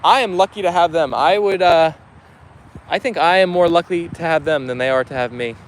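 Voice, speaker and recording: This dog livestream host, outside with his dogs, goes through viewer comments fairly quickly in a casual, friendly manner. His voice is a little high, over a faint hiss or hum.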